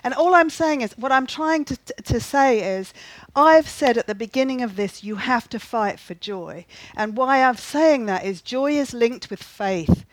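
A woman's voice: a little high, expressive, a little slow, no echo, rough recording. A woman preaching a sermon in an earnest way, repeating key phrases and often asking the listeners whether they see what she means.

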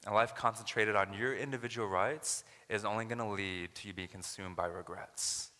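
A man's voice: lowish voice, steady tone, moderate pace, sharp tone, big-room sound. A man from Canada preaching a sermon as a pastor, earnest and building to emphatic paraphrases of scripture.

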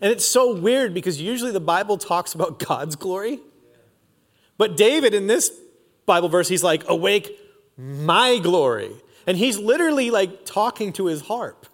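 A man in his forties delivers a sermon in a high voice. He keeps it casual and slangy, full of "like" and "dude," as if chatting with friends. The long reverb of a large church auditorium trails after every phrase. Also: expressive, normal speed. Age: 40s. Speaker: pastor.

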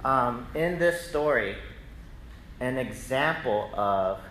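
A man preaching a sermon in a relaxed, conversational way, telling animated stories to the congregation. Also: medium pitch, takes it slowly, reverberant, slight background noise, poor audio. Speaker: pastor. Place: church sanctuary.

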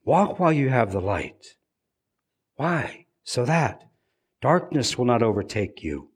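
A man's voice: mid-range voice, very animated, slow, slightly rough. A man preaching a sermon, earnest and repeating words as he stresses his points.

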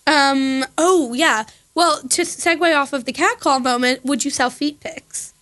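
A woman's voice: high-pitched, a bit bright, no room sound. A young woman co-hosting a podcast in casual chat, giggling often and filling her talk with "like". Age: young adult. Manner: giggly, talks fast with lots of fillers, slips into put-on accents. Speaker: podcast co-host.

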